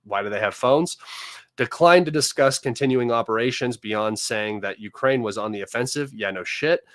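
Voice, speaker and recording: A man's voice: medium pitch, normal speed, fairly bright tone, dry recording. A man hosting a live political commentary stream, reading news articles aloud and mocking them with scorn.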